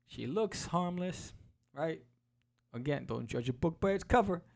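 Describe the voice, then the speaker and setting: A man hosting a podcast, walking casually through a comic book and acting out its quotes in quick voices. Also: on the high side, animated, vocal fry, a little mellow. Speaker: podcast host.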